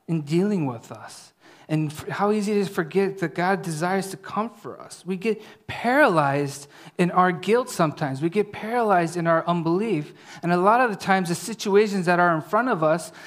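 A preacher giving a conversational sermon, often checking in with the listeners and dropping to a soft, hushed voice when reading scripture. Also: medium pitch. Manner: conversational, often asks "right?".

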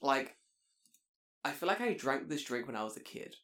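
A young British man in casual podcast chat, telling lively stories with frequent laughter and casual swearing. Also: mid-range voice, moderate pace. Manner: animated storytelling, laughs often, swears casually.

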